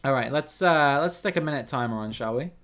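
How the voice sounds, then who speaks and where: A man's voice: medium pitch, a little fast, fairly bright tone. A man hosting a casual live stream of a geography guessing game. He chats with viewers, reads their names out, laughs easily and swears now and then.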